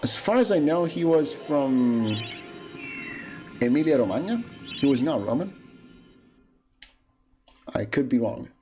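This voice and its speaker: An Italian-accented man chats through a speedrun stream, mulling over his opinions with frequent restarts. His voice sits at an ordinary middle pitch. Game music plays clearly behind him. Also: lively intonation, unhurried, long pauses, mellow. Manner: musing, opinionated, hesitant with restarts. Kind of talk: casual chat while gaming.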